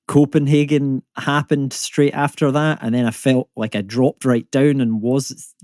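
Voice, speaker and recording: A man's voice: medium pitch, darkish tone, no room sound, studio quality. A man in his thirties with a Scottish accent, a climate economist and comedian, chatting casually and self-deprecatingly as a podcast guest. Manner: chatty, self-deprecating, many fillers and restarts.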